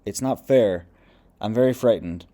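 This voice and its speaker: A man reading the quoted words of a depressed male spirit, lost and angry, in a low, quiet, subdued voice. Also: a little slow, close to an everyday voice. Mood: frightened.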